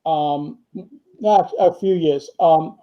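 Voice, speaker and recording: Older man, retired firefighter, high-pitched, rambling anecdotes, muffled lo-fi audio. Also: slow. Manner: rambling anecdotes with many fillers and quoted dialogue. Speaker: retired firefighter and author, guest. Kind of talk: storytelling in a casual interview.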